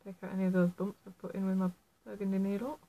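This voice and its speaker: A woman's voice: mid-range voice, level tone, fast, dark tone, rough recording. A woman with a Yorkshire accent giving a casual how-to tutorial on needle felting, chatty and self-deprecating, making apologetic asides as she works indoors at home. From Yorkshire, England. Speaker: felt artist teaching a tutorial.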